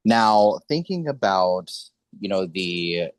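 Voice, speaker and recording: A man hosts a casual political interview in a very low voice that swings up and down a lot. He talks bluntly and swears freely. The recording is dry and close. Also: animated, slow, no echo. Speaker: interviewer host.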